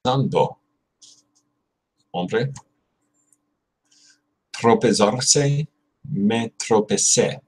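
A young man with a husky, somewhat low voice, working through a casual livestream study session. He repeats verb drills over and over and drops muttered asides between them. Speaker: channel host studying Spanish.

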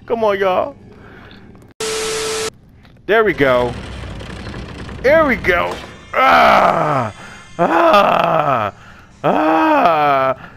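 A young man narrates his gameplay in a loose, slangy, profane way, coaxing and cheering the little characters on screen. His voice sits high and swings widely in pitch, and there is a faint hiss under the recording. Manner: animated, talks to game characters in slang, swears often. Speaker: gaming channel host. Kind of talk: casual let's-play commentary.

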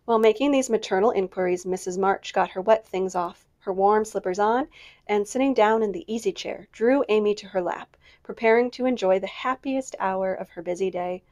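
Woman librarian, storytime narrator, expressive and measured. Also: medium pitch. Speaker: librarian reading aloud. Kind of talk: storytime book reading.

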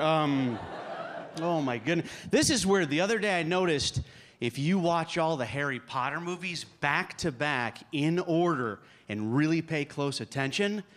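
A man's voice: on the high side, fairly bright tone. Dry-witted man doing stand-up one-liners. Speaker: stand-up comedian. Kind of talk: stand-up comedy set. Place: comedy club stage.

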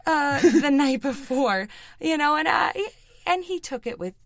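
A woman's voice: high voice, animated, a little slow, no room sound, clean studio sound. A woman, a bartender guest on a podcast, telling stories with laughter and animation. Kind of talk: casual podcast interview.

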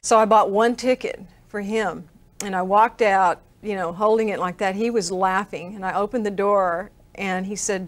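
A woman's voice: mid-range voice, fairly even intonation, normal speed. Earnest older woman telling her story. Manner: earnest storyteller, acts out quoted dialogue. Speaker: interview guest. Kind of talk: recounting a personal story.

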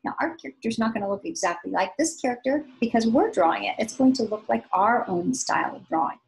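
A woman teaching young children to draw, giving slow, patient, sing-song step-by-step instructions. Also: on the high side, animated, gravelly, poor audio. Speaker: art teacher.

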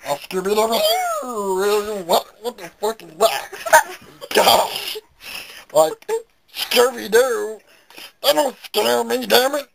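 A man putting on a gravelly goofy dude. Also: very high voice, wildly swooping pitch, slow, pauses often, a little hiss or hum, full character voice, rough recording. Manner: rambling, stammering, giggly. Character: goofy self-mocking young man, rambling and excitable. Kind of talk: comic character monologue.

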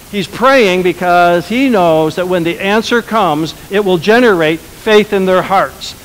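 Pastor guy preaching, kinda high voice, goes loud then real quiet, faint hiss behind. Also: low-quality recording. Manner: preaching with wide swings between loud emphatic lines and quiet lowered ones. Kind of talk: sermon.

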